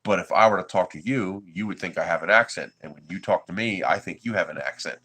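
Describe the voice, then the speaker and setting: A laid-back man from the United States talks through his 3D printing livestream in a casual, chatty way. His voice sits a little low but has a bright, forceful ring, and he chuckles between remarks to his viewers. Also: fast talker, breathy edge.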